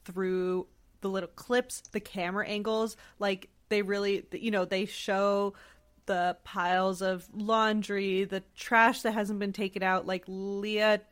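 Woman podcast guest, casual, reflective commentary, mid pitch. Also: flat delivery, takes it slowly, clean tone. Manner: reflective, adds commentary and analysis.

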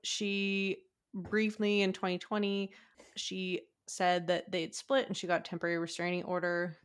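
A woman's voice: lowish voice, flat delivery, normal speed, clear, resonant tone. Chatty woman guest, hedging and laughing. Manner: hedging, laughs often, restarts while recounting. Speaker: podcast guest. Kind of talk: casual podcast chat.

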